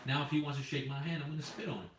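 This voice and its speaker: A man's voice: a little high, fairly even intonation, very fast. A man telling a profane, heated work story in casual podcast chat. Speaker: podcast co-host. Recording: roomy, distant mic with faint noise.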